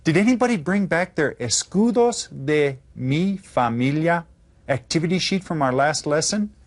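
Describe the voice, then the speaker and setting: A Spanish teacher leads a children's language lesson, speaking phrases slowly and clearly so the class can repeat them. His voice is a little high and expressive.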